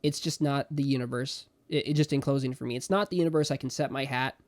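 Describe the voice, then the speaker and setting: A young man co-hosting a casual podcast, talking in an animated, emphatic way with big swings in loudness. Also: medium pitch, fast. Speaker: podcast co-host. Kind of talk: casual chat.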